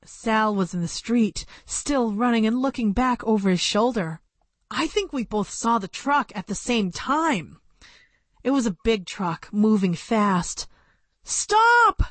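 Close-miked in a studio with no room sound, a woman narrates a first-person audiobook story. Her voice sits on the high side, and her storytelling manner is plain and measured.

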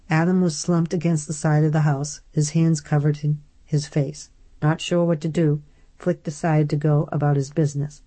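A woman narrating an audiobook in a steady storytelling manner. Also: low-pitched.

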